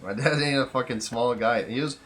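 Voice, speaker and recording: A young man co-hosting a casual podcast chat, telling profane, animated stories. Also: medium pitch, brisk, heavy background noise. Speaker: podcast co-host.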